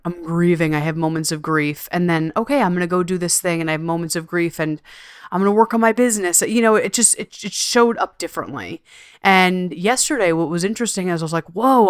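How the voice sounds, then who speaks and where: A woman hosting her own podcast in a candid, casual solo talk, slangy and animated, acting out her own inner voice. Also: fairly low pitch, clear, resonant tone, no echo, studio quality. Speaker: podcast host.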